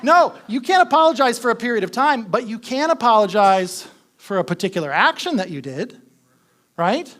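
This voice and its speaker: A man's voice: very high-pitched, big pitch swings, normal speed, a bit bright. A man preaching a sermon as pastor, talking conversationally, asking the congregation questions and repeating his key points.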